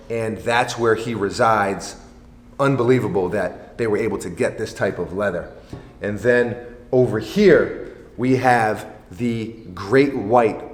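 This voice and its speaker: A man voicing a mock nature-documentary narrator who speaks slowly and with mock seriousness. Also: mid-range voice, natural voice. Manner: slow, deliberate, mock-serious. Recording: roomy echo with long reverb.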